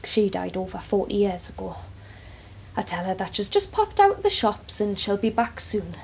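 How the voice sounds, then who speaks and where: A woman, performing a dramatic monologue as a care worker who shifts between quiet asides and excited outbursts. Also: medium pitch, normal speed, creaky, a little hiss or hum.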